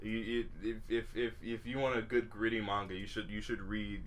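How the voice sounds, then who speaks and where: A young man co-hosts a podcast, chatting casually and rambling with plenty of fillers, restarts and swearing. His voice sits on the low side with a level tone and a slightly fast pace, and there's a bit of background noise.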